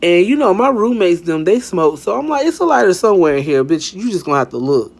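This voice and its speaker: A man's voice: sits high, very animated, quick pace, vocal fry, darkish tone. A young man telling a casual storytime, sassy and dramatic, swearing freely and acting out the dialogue.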